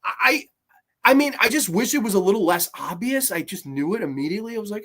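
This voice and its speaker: A man's voice: high-pitched, fairly quick. A man hosting a horror movie review show, talking casually, swearing often and acting out scenes as he rambles through the plot. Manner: animated, swears often, acts out scenes in quotes; rambling with restarts and asides. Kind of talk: casual film review podcast.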